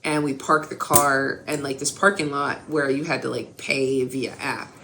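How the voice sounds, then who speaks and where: A woman co-hosting a podcast, telling a story in an animated, casual way, swearing often and acting out what people said. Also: very deep voice, unhurried, slight background noise. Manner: animated storytelling, swears a lot, acts out quotes. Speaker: podcast co-host. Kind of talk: casual chat.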